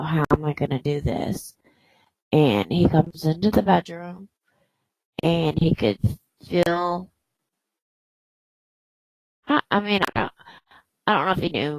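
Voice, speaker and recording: A woman host telling a personal story in a halting way, with many fillers and restarts. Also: deep voice, vocal fry, no echo, rough recording.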